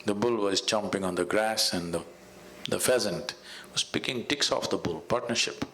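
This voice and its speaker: Gravelly Indian English spiritual teacher. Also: male voice, on the low side, slight background noise. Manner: measured and storytelling, with soft laughs. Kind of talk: conversational teaching with a told fable.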